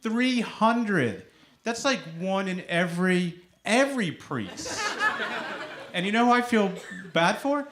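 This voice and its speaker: Sing-songy stand-up comic, lively pitch. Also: male voice, takes it slowly. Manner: sing-songy, talks as if everything is a question. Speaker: stand-up comedian. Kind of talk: stand-up set. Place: comedy club stage before a live audience. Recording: noisy live club recording.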